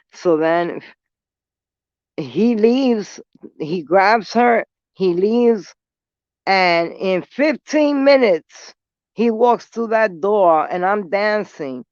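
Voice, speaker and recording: A woman's voice: lowish voice, a little mellow, no room sound, lo-fi sound. A woman from New City, telling a story in blunt, profane street talk while smoking. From New York City. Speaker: vlogger. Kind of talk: casual storytelling.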